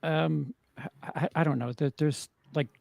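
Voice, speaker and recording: A man with a higher, gravelly voice chatting as a co-host, animated and acting out the lines he quotes. The sound is dry and close. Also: a little slow, no room sound, highs cut off. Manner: animated, acts out quoted reactions. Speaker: podcast co-host. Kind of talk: casual chat.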